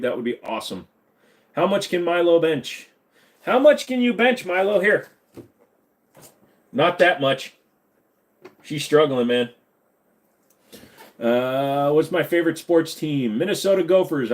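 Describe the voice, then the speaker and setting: A man in his mid-thirties hosts a casual live-stream Q&A. He reads chat questions aloud and answers them offhand. His delivery swings between mumbled asides and loud bursts of hype. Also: fairly high pitch. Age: 30s.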